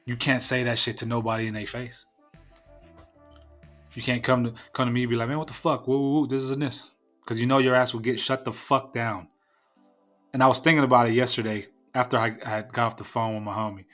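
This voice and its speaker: Man, young adult, podcast host, blunt profane rant, mid-pitched voice, faint music underneath. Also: fairly bright tone. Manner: profane, blunt, fired-up ranting. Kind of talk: casual solo podcast rant.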